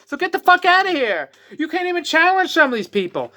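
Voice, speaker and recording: Sharp-voiced ranting vlogger. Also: very high voice, very animated, fairly quick. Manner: profane, sarcastic, mocks others in exaggerated voices. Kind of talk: ranting vlog.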